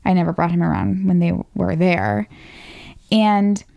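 A woman in her twenties from Northern Virginia, USA, speaks as an interview guest in a fairly low, gravelly, warm voice that's very animated yet a little slow. She casually tells stories about her own past, mocking herself and saying "like" a lot.

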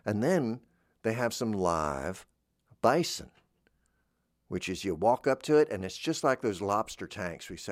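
A man's voice: fairly low pitch, very animated, normal speed, no room sound, clean studio sound. A man doing a rambling comic monologue, drifting between topics and dropping in silly voices for the people he quotes. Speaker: comedian.

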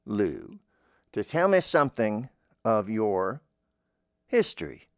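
A man's voice: fairly low pitch, very animated, slow pace, dry recording, clean studio sound. A man hosting a comedic interview, talking in a rambling, digressive way. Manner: rambling, digressive, with playful voices. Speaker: host.

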